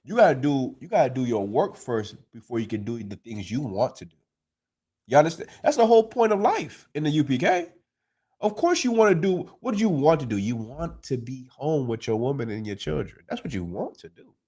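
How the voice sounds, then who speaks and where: A man's voice: medium pitch, fairly quick, breathy edge. A man teaching a scripture class in a streetwise manner, often asking if the listeners understand. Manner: animated, streetwise, swearing, asks "you understand?".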